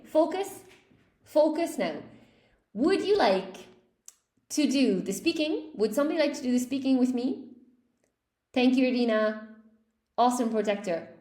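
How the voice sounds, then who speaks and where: A woman's voice: fairly high pitch, darkish tone. Chatty Irish woman teacher, roomy sound. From Ireland. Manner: chatty, reads out viewer comments. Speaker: English teacher. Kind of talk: casual livestream lesson. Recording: echoey room.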